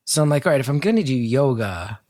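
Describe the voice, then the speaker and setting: Animated storytelling man, dry sound. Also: medium pitch, fast, dry recording. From North Jersey. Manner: animated storyteller, acts out quotes, swears freely. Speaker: guest co-host. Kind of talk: casual podcast storytelling. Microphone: video call.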